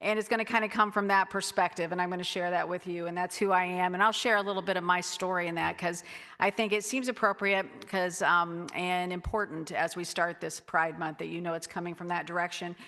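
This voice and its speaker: A middle-aged woman pastor delivers a chatty, exuberant sermon in a bright, forceful voice. Her words ring out in a reverberant church hall. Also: lowish voice, steady tone, fairly quick. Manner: exuberant, chatty, whoops and laughs often. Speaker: guest pastor. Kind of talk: lively conversational sermon. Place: church sanctuary.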